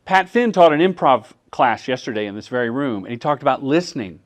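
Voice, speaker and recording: A middle-aged man with a medium-pitched voice speaks fairly quickly while presenting a workshop on commercial directing in a film festival workshop room. Animated, he answers audience questions and acts out quoted dialogue in different voices.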